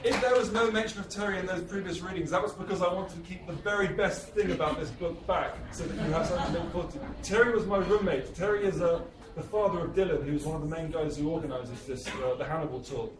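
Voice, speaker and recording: A man's voice: high-pitched, fast, hardly any pauses. An English man in his thirties giving a rambling, self-deprecating talk at a cafe book launch. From England. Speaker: author. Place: busy cafe. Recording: echoey cafe, distant mic, crowd.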